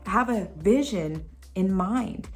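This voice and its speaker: A woman vlogger gives casual motivational advice to camera, emphatic and repetitive, playfully laughing at her own impressions. Her voice is mid-range with lively intonation, she speaks slowly, and faint music plays behind.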